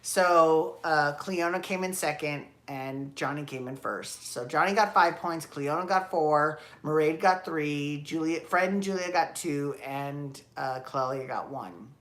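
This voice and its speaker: Woman, low-pitched, chatty solo host, rambling, swears, self-correcting. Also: a bit bright. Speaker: podcast host. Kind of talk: casual solo commentary.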